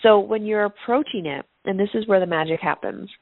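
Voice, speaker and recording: A woman's voice: medium pitch, brisk, creaky, dry recording. A woman coaching parents talks through ideas in an earnest, reflective way. Her voice comes over a tinny phone-like line. The sound is close and dry. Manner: earnest, reflective, uses personal examples. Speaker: parenting coach and podcaster, guest. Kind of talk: conversational interview answers.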